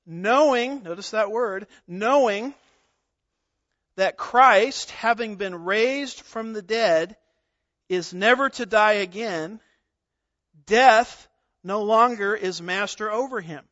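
A man preaching an expository sermon, deliberate and emphatic, repeating key words. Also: high voice, a bit bright, dry recording, muffled recording. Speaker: pastor.

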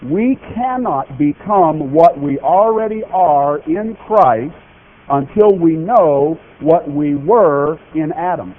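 A man's voice: fairly high pitch, animated, takes it slowly. A man preaching a sermon, speaking emphatically and asking his congregation questions. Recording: tinny phone-like broadcast audio with faint noise.

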